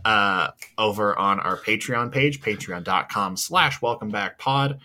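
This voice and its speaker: A man's voice: on the low side, unhurried, sharp tone. A man co-hosting a podcast in casual chat, rambling with many fillers and the odd swear. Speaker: podcast co-host.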